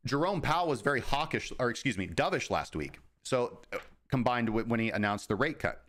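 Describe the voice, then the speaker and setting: A man who hosts a livestream and talks through crypto markets in an informal, explaining way. He often acts out traders' thoughts in quick asides. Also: mid-range voice, fairly bright tone. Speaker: crypto market analyst, host. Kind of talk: casual livestream market commentary.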